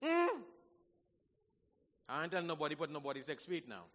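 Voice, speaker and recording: A man preaching a sermon in a church hall, folksy and animated, swinging from shouts to low asides. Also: moderate pace, a little hiss or hum. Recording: long hall reverb.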